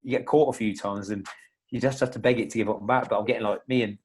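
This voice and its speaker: Lower-voiced man in rambling podcast chat. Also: steady tone, quick pace, darkish tone, slightly rough. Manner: rambling, many restarts and fillers, laughs a lot. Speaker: podcast guest, fitness coach.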